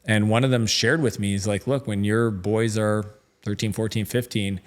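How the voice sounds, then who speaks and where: A man's voice: fairly low pitch, steady tone, normal speed. A middle-aged man speaking as a guest in a casual interview, telling stories in a chatty way with lots of fillers and acted-out dialogue. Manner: chatty storytelling, many fillers, acts out quoted dialogue.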